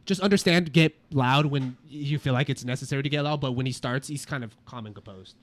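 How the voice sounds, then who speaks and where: A man co-hosting a podcast, directing a scene reading in casual chat, halting and full of restarts. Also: mid-range voice, no echo. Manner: halting, restarts a lot, bossy about the scene.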